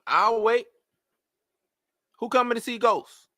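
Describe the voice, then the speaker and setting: Live-stream host, man, bright high voice, exasperated rhetorical rant, dry close sound. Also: slow, no echo. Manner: animated, rhetorical questions, exasperated. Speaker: host of a live movie-news show. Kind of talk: casual live-stream commentary.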